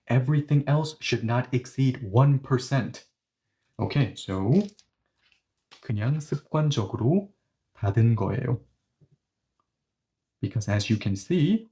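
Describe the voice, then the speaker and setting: A man's voice: medium pitch, dark tone. A man teaching a language lesson online, explaining points emphatically and repeating example phrases.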